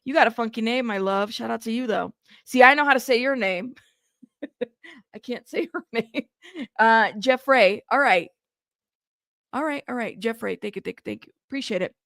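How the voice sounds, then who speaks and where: A woman's voice: on the high side, brisk, vocal fry, a bit bright, dry recording, studio quality. A woman hosting a news livestream in casual chat, talking straight to her viewers and laughing at herself.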